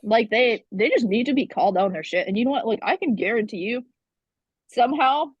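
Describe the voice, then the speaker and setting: Blunt young woman from Canada, breathy, dry and slightly muffled, rambles and swears. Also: a little high, expressive, a little fast, no room sound. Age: 20s. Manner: rambling, frank, swears freely. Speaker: guest. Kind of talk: candid conversational interview.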